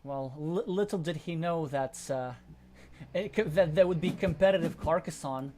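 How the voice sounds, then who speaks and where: A male host commentates a live board game match in a chatty, musing way, tripping over his words and starting over. His voice sits a little high for a man. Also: normal speed, a little mellow. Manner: chatty, speculative, stumbling restarts.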